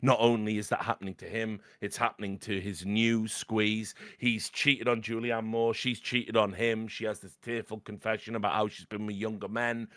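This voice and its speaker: Male podcast host, low-ish bright voice, animated and profane. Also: normal speed, hardly any pauses, no echo, studio quality. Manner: rambling, animated, swears often, laughs mid-sentence. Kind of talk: casual film chat.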